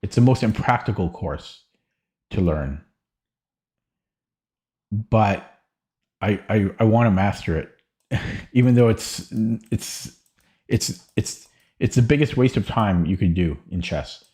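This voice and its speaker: A man's voice: fairly low pitch, lively intonation, takes it slowly, pauses often, darkish tone. A man streaming a chess game, thinking aloud hesitantly and often stammering or repeating words. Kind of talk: live-stream chess commentary.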